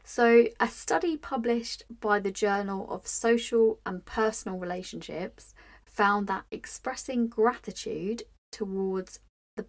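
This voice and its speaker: A young woman hosting her own podcast, talking candidly and with feeling about her life, with frequent "like" fillers and restarts. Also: mid-range voice. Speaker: podcast host. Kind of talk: personal reflective monologue.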